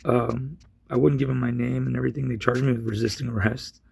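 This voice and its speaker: A man with a gravelly, husky voice casually telling a long personal story, rambling with many restarts and getting loud when he retells his own yelling. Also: mid-range voice, flat delivery, quick pace.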